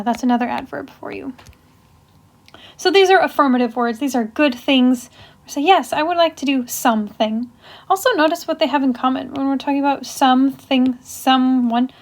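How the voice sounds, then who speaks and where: A young woman teaching a casual grammar lesson, explaining step by step with example sentences and frequent ums. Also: high-pitched. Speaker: language teacher. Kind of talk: casual classroom lecture.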